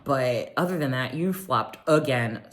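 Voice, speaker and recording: A woman's voice: rumbling low, unhurried. A young woman giving a chatty, opinionated recap of a reality TV episode, acting out the people she quotes. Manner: chatty, opinionated, animated retelling with quoted voices. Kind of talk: casual recap commentary.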